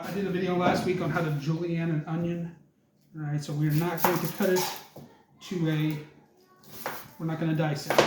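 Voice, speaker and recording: A man's voice: on the high side, noisy background. A man giving a casual cooking demonstration, chatting to viewers as he chops and preps. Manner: chatty, talks while working, addresses viewers as folks. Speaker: cooking instructor. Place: kitchen. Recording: echoey kitchen with loud clatter.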